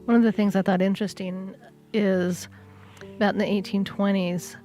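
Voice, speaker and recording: A woman's voice: mid-range voice, level tone, normal speed, warm tone, soft background music. A woman co-hosting a casual podcast, chatty and self-deprecating, prone to friendly digressions. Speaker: podcast co-host. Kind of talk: casual paranormal podcast chat.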